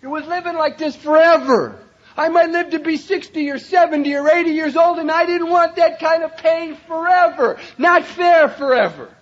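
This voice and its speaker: An older man from Cleveland telling his own recovery story to a meeting, emphatic, swinging from shouts down to quiet lines. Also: normal speed. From Cleveland, Ohio, USA. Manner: emphatic, raises voice to a shout then drops low. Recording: dull lo-fi recording.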